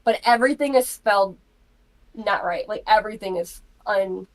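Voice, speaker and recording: Giggly woman on a podcast reading drunk texts out loud, says like a lot. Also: medium pitch, normal speed, rough recording. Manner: giggly storytelling, many "like" fillers. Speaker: podcast co-host. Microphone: live podcast mic.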